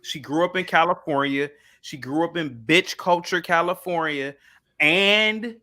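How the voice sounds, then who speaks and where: Bright-voiced, emphatic male podcast guest. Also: fairly high pitch, unhurried. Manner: emphatic, profane, storytelling. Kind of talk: casual podcast chat.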